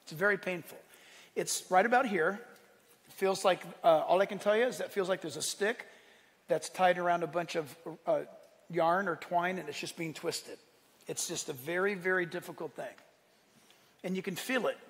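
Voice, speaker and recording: A male pastor preaching a sermon, animated, swinging from loud exclaiming to quiet asides and laughing often. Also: sits high, normal speed. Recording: long hall reverb.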